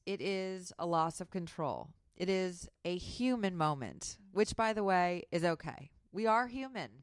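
Brief: woman author, low smooth voice, dry close mic, candid storyteller. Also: no room sound. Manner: storytelling, candid and self-deprecating. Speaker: author, guest. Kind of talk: podcast interview.

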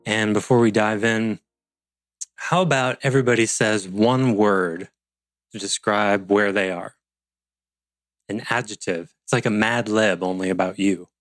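A man's voice: fairly low pitch, fairly even intonation, measured pace, fairly bright tone, dry recording. A man teaching an online leadership class over a video call, rambling with playful asides and self-interruptions. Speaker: course instructor.

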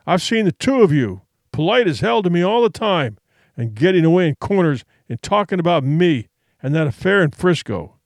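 This is a resentful, hoarse old-school sea captain, put on by a male narrator. He is loud and accusing, with a snarl and a lively, uneven pitch. The recording is dry and close, like an audiobook. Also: normal speed, no echo. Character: hoarse, drunken, resentful ship captain, man.

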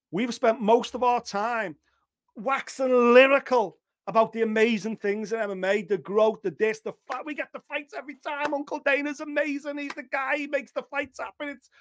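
A man hosting a fight podcast, talking casually in an animated storytelling way. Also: very high-pitched. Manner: animated, lively storytelling with mock voices. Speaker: podcast host. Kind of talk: casual chat.

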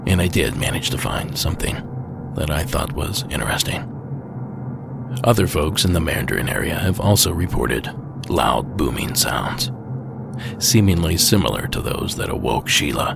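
A man's voice: very deep voice, lively intonation, moderate pace, creaky. A man hosting a podcast, narrating from a script with a dry, wry delivery. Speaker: podcast host. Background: music.

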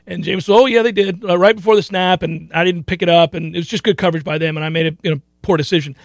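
Male sports radio host, high gravelly voice, dry close mic, storyteller who laughs a lot. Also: fast talker, no room sound. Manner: animated, laughs often, acts out quotes loudly.

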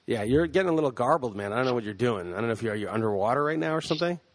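Medium-pitched and expressive, this man talks rapid-fire as a podcast co-host. He rambles casually and laughs along the way, picked up by a computer mic on a remote call.

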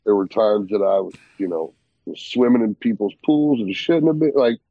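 A man's voice: on the low side, expressive, moderate pace, dry recording, phone-quality sound. A man in casual podcast chat, reminiscing agreeably about childhood. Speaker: podcast co-host.

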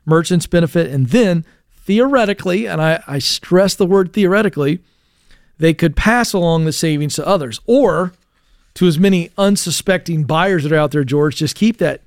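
A man hosting a radio call-in show, talking through the news casually and throwing in little asides. His voice sits a bit high and comes through crisp and resonant. The studio sound is dry and close. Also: normal speed, no echo. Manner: conversational, explains news with asides and fillers. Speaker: radio talk show host. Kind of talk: casual talk radio chat.

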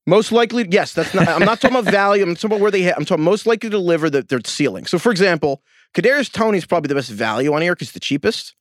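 A man co-hosting a casual sports podcast, talking in an animated, rambling, joking way. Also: high voice, racing, no room sound, clean studio sound. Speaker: podcast co-host. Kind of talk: casual chat.

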